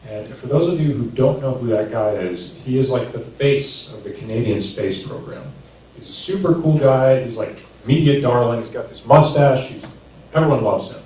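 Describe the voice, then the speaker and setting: A man in his thirties doing a stand-up comedy set, crude and self-deprecating with a deadpan delivery. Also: mid-range voice, normal speed. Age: 30s. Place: comedy club stage. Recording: echoey distant room recording with noise.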